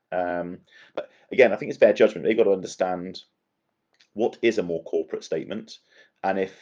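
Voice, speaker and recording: A man from Bristol with a Bristol accent, a guest on a casual podcast chat, giving his views in a measured way. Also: deep voice, darkish tone. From Bristol, England. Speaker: podcast guest, marketing professional. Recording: slightly dull lo-fi audio.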